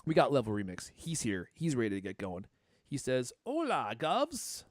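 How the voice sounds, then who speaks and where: A man's voice: on the low side, expressive, brisk, a little mellow, no echo, studio quality. A man hosting a casual live-streamed tech podcast, joking around and reading out viewer comments. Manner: jokey, reads out viewer comments. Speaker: podcast host.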